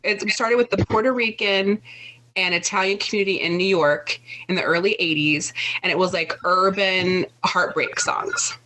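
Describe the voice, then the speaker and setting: A young woman co-hosting a casual podcast, telling a travel story with plenty of fillers and restarts. Her voice is bright and clear. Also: medium pitch, steady tone, brisk, rough recording. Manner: chatty storyteller, lots of fillers. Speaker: podcast co-host. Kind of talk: casual chat.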